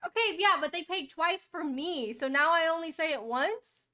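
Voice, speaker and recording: A woman's voice: extremely high pitch, animated, normal speed, bright, forceful tone. A woman chatting on a live stream, giggly and hesitant, often trailing off. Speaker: stream guest. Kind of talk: casual live-stream banter.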